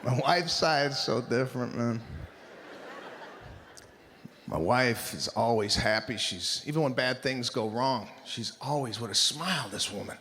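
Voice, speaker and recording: A man's voice: medium pitch, measured pace, a little hiss or hum. Exasperated stand-up comedian, a man. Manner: animated, exasperated, swings between loud bursts and mutters. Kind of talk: stand-up storytelling.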